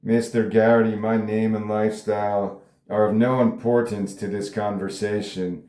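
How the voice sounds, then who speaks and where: A man's voice: lowish voice, level tone, moderate pace, mellow, natural voice. A man reading a smug, taunting male cartel member in his forties, in a script table read. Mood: defiant. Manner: taunting, mocking. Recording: roomy echo.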